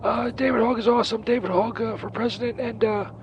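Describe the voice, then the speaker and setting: This caller does a high, sleazy Saint Peter, talking fast in a steady tone on a muffled line. He's flustered, profane and rambling, peppered with ums and uhs, phoning the show from near a church as cars go by on a noisy street.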